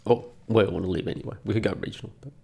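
A man's voice: on the low side, rapid-fire, creaky, dark tone, husky. A middle-aged man in a casual monologue, indignant and emphatic, repeating words for effect. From Australia. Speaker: commentator. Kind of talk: casual monologue reading comments.

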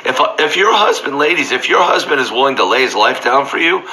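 A man's voice: mid-range voice, animated, fairly quick, bright, forceful tone, rough recording. A middle-aged man preaching a sermon earnestly, often restarting his phrases and lifting his voice when he is moved. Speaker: pastor. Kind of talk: sermon teaching.

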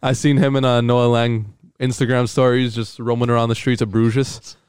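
Male co-host, playful football trivia, crisp and dry. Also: mid-range voice, level tone, moderate pace, a little mellow, no echo. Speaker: podcast co-host. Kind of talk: casual sports prediction chat.

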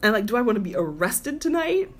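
A woman in casual podcast chat, telling a dating story in an animated way and mimicking the voices of the people in it. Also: mid-range voice, fast. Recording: clear background noise.

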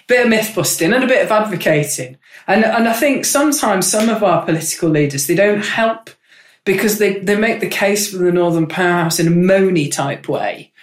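A woman's voice: medium pitch, fairly quick. An upbeat, chatty woman, speaking as a politician guest on an interview. She talks with eager conviction in a roomy office. The room gives her voice a noticeable echo. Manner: enthusiastic, chatty, upbeat advocate. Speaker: member of parliament, guest. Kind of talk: candid conversational interview.

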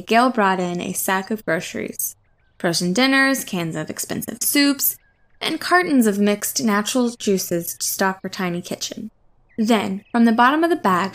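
A woman narrating a horror story in a measured, suspenseful reading. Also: mid-range voice.

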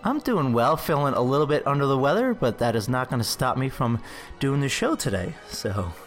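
A man's voice: medium pitch, lively intonation, brisk, soft background music. A man hosting a podcast, a bit nasal from a cold, chatting upbeat and casual. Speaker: podcast host. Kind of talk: casual interview chat.

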